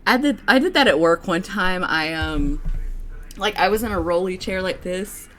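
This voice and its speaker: A woman's voice: lowish voice, lively intonation, normal speed, a bit bright, soft background music. A young woman vlogging in a casual, rambling way, with many fillers and restarts. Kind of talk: casual personal chat to camera.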